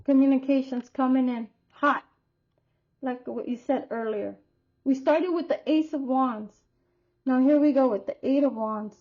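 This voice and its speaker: A high-pitched woman talks her viewers through a tarot reading at an unhurried pace. She rambles in a chatty way and acts out her stories with feeling. The sound is a little dull and lo-fi. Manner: chatty, rambling, expressive storytelling. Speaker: tarot reader.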